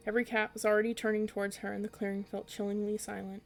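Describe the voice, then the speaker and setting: A woman reading a children's book aloud for a storytelling podcast, in an even way with an occasional slip and restart. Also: medium pitch, fast talker, vocal fry, faint music behind.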